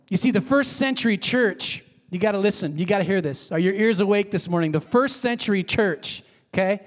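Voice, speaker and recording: A man preaching a sermon as pastor, emphatic and swinging from high excited emphasis to quiet, hushed prayer. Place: church sanctuary. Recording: reverberant hall.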